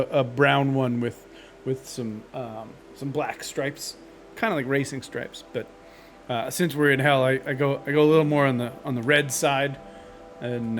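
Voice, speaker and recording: A man playing a tabletop role-playing game, chatting casually, laughing often and rambling through his restarts. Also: medium pitch. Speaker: player.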